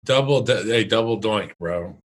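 A man's voice: fairly low pitch, moderate pace, low-quality recording. Blunt joking young man co-hosting. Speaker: podcast co-host. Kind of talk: casual podcast chat.

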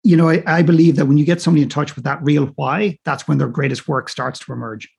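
A man's voice, a little high, with a gravelly, husky grain. He is a coaching guest telling anecdotes in conversation and animates them by acting out both sides of each exchange. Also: fast talker. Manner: animated, acts out dialogue in stories. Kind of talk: conversational storytelling.

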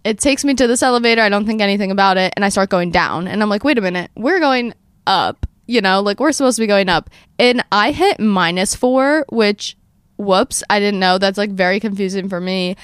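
A woman in her twenties hosting a podcast, telling a story in a fast, animated way and acting out the quotes. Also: medium pitch, smooth, no room sound, studio quality. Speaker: podcast host. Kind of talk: casual storytelling chat.

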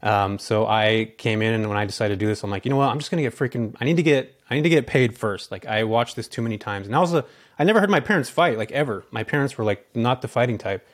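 Man, interview guest, quick pace, chatty, lots of fillers. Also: mid-range voice, expressive. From California. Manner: fast, chatty storyteller with many fillers. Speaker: guest, real estate investor. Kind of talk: casual interview talk.

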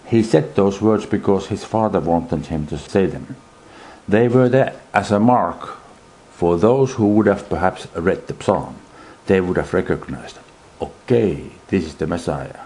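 A man with a deep, mellow voice teaches a Bible study. He reads passages aloud from his notes and explains each one, with a faint hiss under the recording. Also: animated, unhurried, rough recording.

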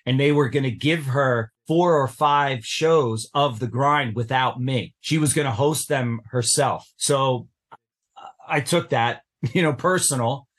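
A man's voice: mid-range voice, measured pace, fairly bright tone, breathy edge. A middle-aged man, a podcast guest, earnestly and intensely recounting a personal story in an interview. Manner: earnest, intense retelling with acted-out quotes.

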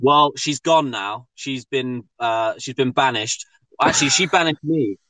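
A man's voice: medium pitch, measured pace, pushed and bright, no echo. A man in his twenties with a southern English accent, a guest chatting casually on a podcast with cheeky, joking asides. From southern England. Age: 20s.

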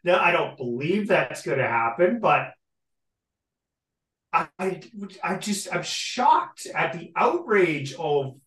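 Brief: male sports podcast co-host, ranting and animated, slightly high voice, roomy off-mic recording. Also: takes it slowly, recorded from a distance. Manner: animated, ranting, repeats catchphrase. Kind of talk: casual sports talk rant. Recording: echoey room, off-mic.

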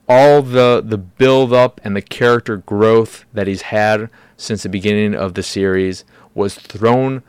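A man hosting his own podcast, venting in a heated, profane rant. His voice sits a little low and is recorded dry and close in a small room. He breaks into mocking, high put-on quotes now and then. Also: smooth, no echo. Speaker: podcast host.

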